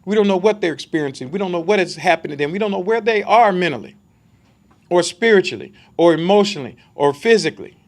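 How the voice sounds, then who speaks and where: Man, high voice, conversational sermon, emphatic, rhetorical questions. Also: expressive, fast talker. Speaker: Bible study preacher.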